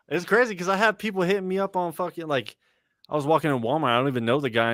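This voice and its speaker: A man's voice: on the high side, steady tone, rapid-fire, a bit bright, no echo, clean studio sound. A young man on a casual livestream chat, telling stories in a laid-back, slangy way full of "like" and swearing. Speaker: rapper and guest.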